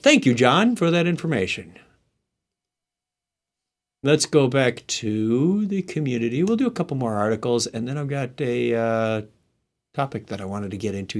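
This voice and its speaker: A man hosting a casual live tech stream, talking himself through each step and trailing off into muttered asides. He has the hiccups, and his pitch sits in the middle for a man. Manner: thinks aloud while typing, muttering asides. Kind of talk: casual screen-share tech walkthrough.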